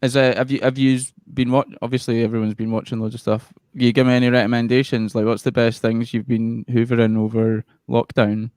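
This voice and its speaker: A man's voice: medium pitch, little pitch movement, fairly quick, hardly any pauses, a little mellow, clear, resonant tone, dry recording, studio quality. A man hosting a casual chat, talking loosely and laughing often while asking for recommendations. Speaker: podcast host.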